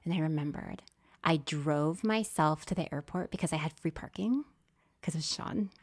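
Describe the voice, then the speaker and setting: A woman telling a story in casual chat, swinging from whispers to loud exclamations as she acts it out. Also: sits low, moderate pace.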